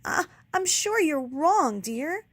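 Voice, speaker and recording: A woman's voice: sits high, sing-song, slow pace, a bit bright, no room sound, pitched above the performer's own voice, heavily acted. A woman reading a storybook aloud, voicing a nervous younger sister who stammers and frets. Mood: timid fretful. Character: timid, fretful younger sister.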